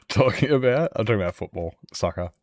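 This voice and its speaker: A man's voice: mid-range voice, no echo, studio quality. A man with an Australian accent chatting casually with viewers while playing a game, rambling, often laughing and restarting his sentences. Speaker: streamer.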